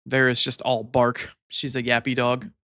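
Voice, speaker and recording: A man's voice: medium pitch, monotone, moderate pace, bright, forceful tone, no echo, studio quality. A man streaming live, bantering with his chat casually, teasing and swearing freely.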